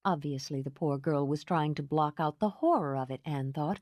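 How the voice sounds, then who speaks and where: A woman narrating a novel in an expressive, dramatic reading style. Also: sits low, normal speed, no echo, clean studio sound. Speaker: audiobook narrator.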